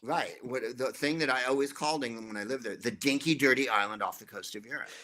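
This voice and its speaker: A man's voice: mid-range voice, quick pace, pushed and bright. A middle-aged American man, a guest comedian, telling rambling stories with wry jokes. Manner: rambling, wry, jokey storytelling. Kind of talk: casual anecdotal interview.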